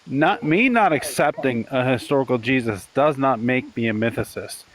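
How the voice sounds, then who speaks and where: Man, debate panelist, blunt and emphatic, middle pitch. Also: moderate pace, rough recording. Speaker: debate participant. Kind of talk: live online debate.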